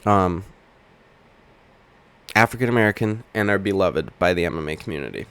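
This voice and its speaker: A man's voice: low-pitched, expressive, normal speed, a bit bright, clear, resonant tone. A man hosting a heated, profane commentary video, talking straight to his camera as he argues his points. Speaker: MMA commentary channel host. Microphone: webcam or camera mic.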